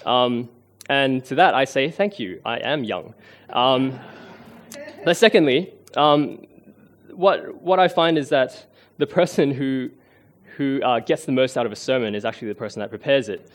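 A man's voice: medium pitch, moderate pace. Young man preaching, hesitant. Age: 20s. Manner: earnest and self-deprecating, often hesitant with fillers. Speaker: lay preacher. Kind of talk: sermon.

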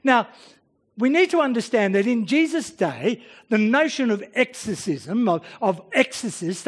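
A man delivers a sermon on a Bible passage, taking it slowly and deliberately. His voice sits high for a man. He often restarts his phrases and breaks into the voices of the people he quotes. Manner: expository preaching with frequent restarts, acting out quoted voices. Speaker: preacher.

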